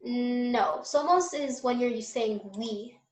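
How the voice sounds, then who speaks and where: A woman's voice: on the high side, slow, a little mellow, roomy sound, soft background music, rough recording. A young woman tutoring an online Spanish class, explaining step by step with patient fillers.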